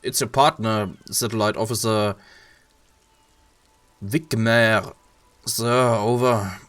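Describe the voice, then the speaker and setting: A man's voice: lowish voice, steady tone, takes it slowly, a bit bright. A man with a German accent voicing a formal police radio operator who talks in clipped radio codes.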